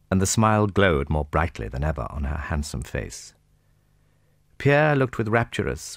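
A male narrator reading a classic novel in a measured, expressive way. His voice is very deep and gravelly, with a lively melody, and is recorded close and dry with no room sound. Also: dry recording. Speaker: audiobook narrator.

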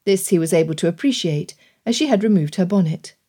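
Narrating from a script, a female audiobook reader keeps a steady, measured storytelling pace. Her voice falls on the low side.

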